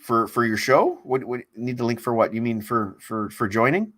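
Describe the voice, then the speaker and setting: A man hosting a casual livestream, rambling with halting restarts and reading viewer comments aloud. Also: mid-range voice, expressive, a bit bright. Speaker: livestream host. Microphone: desk mic on a laptop stream.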